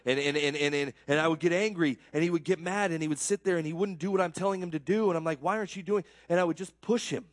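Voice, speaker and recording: A man's voice: fairly high pitch, fairly even intonation, fast, few pauses, dry recording, clean studio sound. A man giving a conversational sermon, earnest and self-deprecating, often repeating words as he gets worked up. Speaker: pastor.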